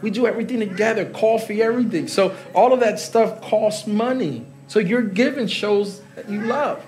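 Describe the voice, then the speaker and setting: A man's voice: sits high, moderate pace, darkish tone. A middle-aged man preaching live as pastor in a large church hall, joking with the congregation and laughing. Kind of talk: sermon.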